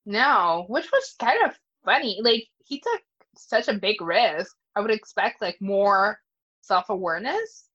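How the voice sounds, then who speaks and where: A woman's voice: medium pitch, animated, measured pace, fairly bright tone, husky. A woman chatting casually as a podcast co-host, talking hesitantly with lots of fillers. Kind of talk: casual TV recap chat. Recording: dry, dull lo-fi sound.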